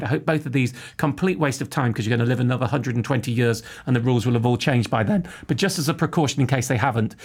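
A man's voice: medium pitch, creaky, husky. A man hosting a podcast, answering a listener's money question in a chatty, joking way. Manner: chatty, jokey, explains at length. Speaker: podcast host. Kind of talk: casual podcast Q&A.

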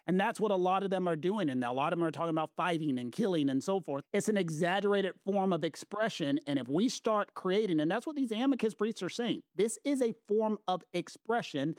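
A man with a Southern US accent explains the law to his co-host in an emphatic, lecturing way, repeating phrases for stress. His voice sits high for a man. The recording is dry, with no room sound. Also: fairly quick, few pauses, darkish tone, dry recording. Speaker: legal commentator co-host. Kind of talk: casual explanatory chat.

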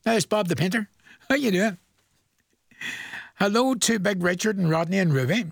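A man's voice: high-pitched, moderate pace, gravelly, dry recording, studio quality. A man hosting a radio show, chatting and reading out dedications in a jokey way, laughing often. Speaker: radio host. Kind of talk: casual radio chat with dedications.

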